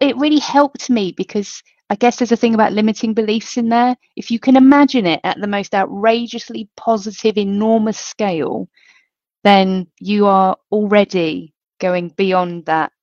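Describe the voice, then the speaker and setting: A woman's voice: mid-range voice, moderate pace, a little mellow, no room sound, highs cut off. A woman guest in a podcast interview, telling a reflective story and quoting what others said to her. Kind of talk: casual interview chat.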